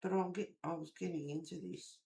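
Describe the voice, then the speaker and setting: A woman, hosting a livestream and chatting casually while colouring, telling a story in an animated, gossipy way with the odd swear word. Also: lowish voice, fairly quick, creaky, a little hiss or hum. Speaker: livestream host.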